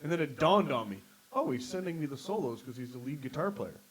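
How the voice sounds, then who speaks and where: A man's voice: fairly high pitch, animated, fast talker, a crowd in the background, poor audio. A man hosting a casual podcast, telling rambling stories and swearing freely. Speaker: podcast host. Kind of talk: casual chat.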